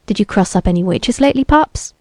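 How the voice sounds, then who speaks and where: A woman's voice: mid-range voice, animated, quick pace, mellow, no echo, lightly acted. A woman reading the lines of a bearded young beatnik TV repairman who talks in laid-back hip slang and sounds sure of himself. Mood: ominous.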